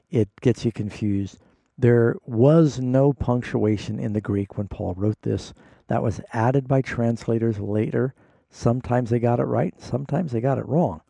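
A man's voice: lowish voice, vocal fry, mellow, no echo. A man, a pastor hosting a call-in radio Bible program, explaining scripture to callers and reading verses aloud with emphasis.

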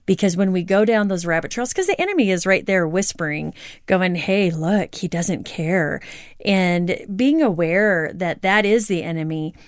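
A woman's voice: on the low side, animated, moderate pace, smooth, dry recording, studio quality. A woman co-hosting a marriage podcast with her husband, talking in an earnest, reflective way and laughing easily. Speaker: podcast co-host. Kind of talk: casual married-couple podcast chat.

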